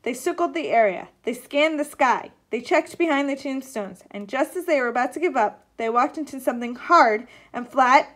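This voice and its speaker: A woman narrates a children's mystery storybook. Her voice sits high. She reads aloud expressively, keeping the story lively. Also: normal speed, few pauses. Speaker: author and reader.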